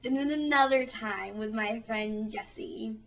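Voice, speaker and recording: A woman's voice: a little high, unhurried, creaky, a bit bright. A young woman telling a funny story in a rambling, giggly way, full of fillers. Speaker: vlogger. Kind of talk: casual storytelling. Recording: distant, dull lo-fi home recording.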